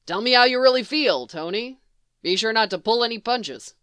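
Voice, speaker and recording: A woman voicing a gentle, wry man who speaks softly and teasingly, in a fan story reading. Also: fairly high pitch, animated, normal speed, smooth, no echo, clean studio sound. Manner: soft, teasing, affectionate. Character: gentle, wry adult man, patient and tender.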